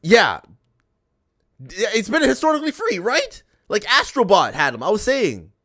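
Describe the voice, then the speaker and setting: A man's voice: high voice, wildly swooping pitch, normal speed, bright, forceful tone. A young man streaming and chatting to viewers, ranting in an exasperated way, repeating himself and swearing. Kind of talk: ranting casual chat to viewers.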